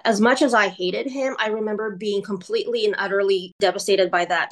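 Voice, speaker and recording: A woman telling her personal story in a candid, emotional way, speaking quickly and acting out the voices of the people she quotes. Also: mid-range voice, poor audio. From California.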